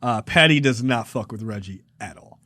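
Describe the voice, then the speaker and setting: A man in his forties casually reviewing films as a podcast co-host, profane and laughing through animated retellings. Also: mid-range voice, normal speed, no echo, clean studio sound. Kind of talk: casual film review chat.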